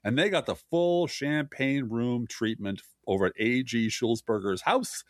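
A man's voice: medium pitch, unhurried, dry recording, clean studio sound. A man co-hosting a podcast, reading news aloud in a sarcastic, mocking casual chat. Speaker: podcast co-host.

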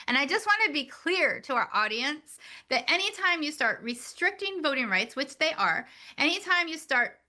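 Woman host, high bright voice, indignant and punchy. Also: big pitch swings, moderate pace. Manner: indignant, forceful, repetitive emphasis. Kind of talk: political interview talk.

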